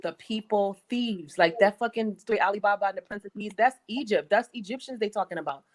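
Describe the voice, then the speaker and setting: A woman's voice: medium pitch, a little fast, rough recording. A young American woman telling stories in a blunt, profane, casual way. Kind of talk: casual chat.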